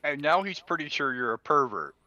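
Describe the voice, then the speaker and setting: A man playing a tabletop game, calmly describing what his character does. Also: on the high side, a little fast, no echo. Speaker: player. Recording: dull, dry lo-fi mic.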